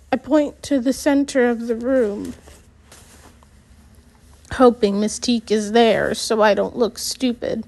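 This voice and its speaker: Slow high-voiced woman reading a novel. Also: darkish tone, no room sound. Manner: unpolished reading with slips and retakes. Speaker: audiobook narrator. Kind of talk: first-person novel narration.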